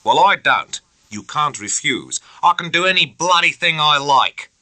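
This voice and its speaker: A coarse, blustering first lieutenant snaps and sneers at a junior officer, as a male narrator puts him on. His voice is bright and forceful, and it swings widely in pitch. The reading is dry and close. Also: big pitch swings, a little fast, dry recording, exaggerated voice. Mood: angry.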